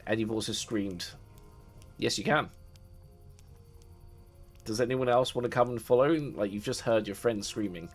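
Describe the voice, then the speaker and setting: A man's voice: on the low side, unhurried, pauses often, husky, soft background music. A man narrating as game master, loose and hesitant, often laughing.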